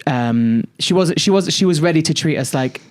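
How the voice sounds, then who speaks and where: A man's voice: a little high, animated, normal speed. A young man co-hosting a podcast, joking and often restarting his sentences. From England. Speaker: podcast co-host. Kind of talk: casual chat.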